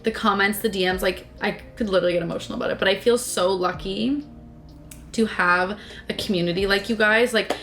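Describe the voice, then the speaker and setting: A woman's voice: mid-range voice, steady tone, brisk, fairly bright tone. A young woman vlogger chatting casually to her viewers, gushing and filling her talk with "like". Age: young adult. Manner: gushing, chatty, says "like" constantly. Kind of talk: casual chat to camera. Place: home, then in a car.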